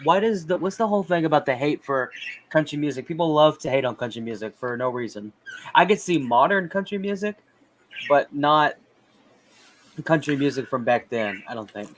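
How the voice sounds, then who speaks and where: A man's voice: a little high, expressive, moderate pace, a little hiss or hum. A man hosting a podcast in a rambling casual chat, joking around with lots of ums and restarts. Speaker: podcast host.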